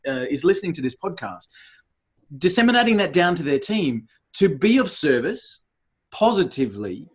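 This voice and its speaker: A man's voice: on the high side, big pitch swings, moderate pace, husky. A male podcast host thinking aloud and summing up his guest's points in a casual interview.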